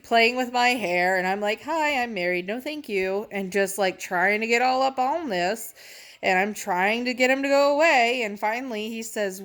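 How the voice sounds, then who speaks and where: A young woman telling funny stories in a brash, profane, self-mocking way, laughing as she talks. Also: mid-range voice. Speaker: comedic storyteller. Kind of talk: casual storytelling.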